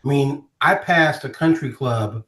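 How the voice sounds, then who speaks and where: Middle-aged man, Ohio-raised guest storyteller, lively and performative, mid-pitched voice, roomy recording. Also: unhurried. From Ohio, USA. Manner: animated storyteller, acting out quoted voices. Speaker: podcast guest. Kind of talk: storytelling in casual conversation. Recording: roomy echo.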